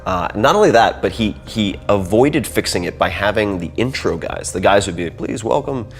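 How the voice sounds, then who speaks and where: A man talking casually as an interview guest, telling animated stories and acting out other people's voices. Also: lowish voice, normal speed, vocal fry, faint music behind.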